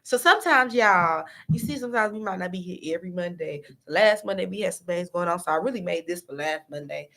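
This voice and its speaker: A woman co-hosting a casual chat show, chatty and quick to restart her sentences. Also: lowish voice. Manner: animated, chatty, restarts a lot. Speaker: podcast co-host.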